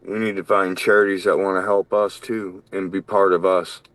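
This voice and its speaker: A man's voice: low-pitched, flat delivery, normal speed, fairly bright tone, dry recording, low-quality recording. A man who worked on a festival telling stories in a rambling, profane casual chat. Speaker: festival crew member.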